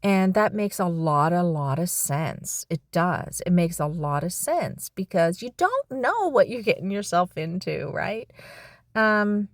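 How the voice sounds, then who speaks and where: A middle-aged woman talking to camera in a personal, reflective vlog, heartfelt and halting, with sighs and restarts. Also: on the low side, expressive, dry recording, studio quality. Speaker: vlogger.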